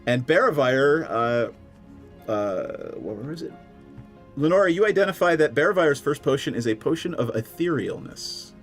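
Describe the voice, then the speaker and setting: Male game master, casual and animated, a bit higher-voiced. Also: moderate pace, soft background music. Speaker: dungeon master. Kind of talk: running a tabletop game, casual.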